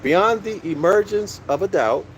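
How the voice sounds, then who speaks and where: A man's voice: high voice, lively intonation, measured pace, slight background noise, rough recording. A man giving a teaching lecture from a book, repeating key phrases and asking his listeners questions, calling them "y'all".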